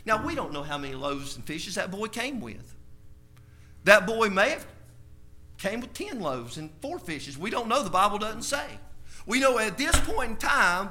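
A male preacher telling a personal story in a sermon, going from soft storytelling to shouted conviction. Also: high voice, big pitch swings, a little slow, faint music behind.

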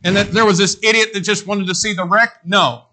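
A man preaching a sermon, telling a story in an animated way and speaking straight to his congregation. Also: high voice, brisk. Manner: animated, addresses the congregation directly.

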